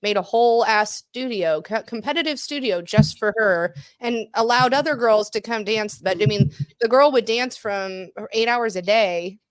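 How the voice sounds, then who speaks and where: A woman's voice: a little high, moderate pace, hardly any pauses, dry recording. Woman, podcast co-host, chatty and rambling, dry close sound. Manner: chatty, rambling, laughs often. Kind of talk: casual chat.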